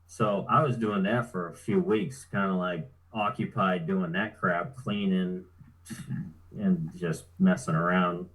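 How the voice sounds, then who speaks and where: Laid-back, profane man with a low voice. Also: steady tone, measured pace, fairly bright tone, rough recording. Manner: laid-back, profane, chuckles while telling. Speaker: guest. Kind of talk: casual storytelling.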